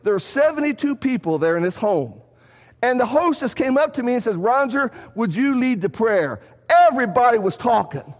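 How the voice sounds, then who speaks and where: High-voiced preacher in a reverberant hall. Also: male voice, moderate pace. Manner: animated, rhetorical questions, shifts loud and soft. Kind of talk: sermon. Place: church sanctuary.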